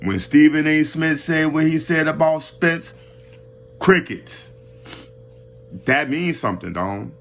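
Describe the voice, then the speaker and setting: A man's voice: fairly high pitch, animated, slow pace, gravelly, pauses often, fairly bright tone, soft background music. A man giving a casual, slang-heavy boxing commentary rant, talking animatedly and restarting his phrases often.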